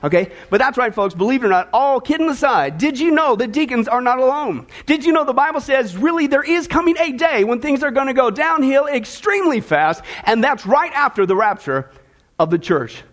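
Man, pastor, very high voice, folksy, energetic sermon, joking asides. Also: brisk. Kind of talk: sermon with a joke opener.

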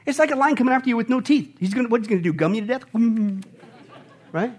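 Man, pastor, sermon, lively questioning style, wide-ranging pitch. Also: racing. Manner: animated, asks the congregation questions, jokes.

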